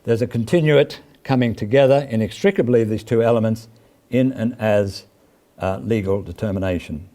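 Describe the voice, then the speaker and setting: An older man, a law professor, giving an academic lecture in a measured, halting way, often pausing with "uh" and stressing key words as he reads quotations aloud. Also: lowish voice, dark tone.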